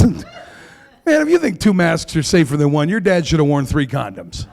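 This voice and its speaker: Crude mock-outraged comic guy, gravelly, lively ups and downs on a club stage. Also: fairly high pitch, moderate pace. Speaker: stand-up comedian. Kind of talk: stand-up comedy.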